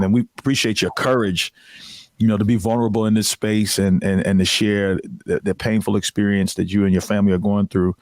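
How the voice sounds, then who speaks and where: Podcast host, male, lowish voice, dry mic, affirming and steady as he moves the talk along. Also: dry recording. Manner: affirming, calls people "man". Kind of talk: hosting a discussion.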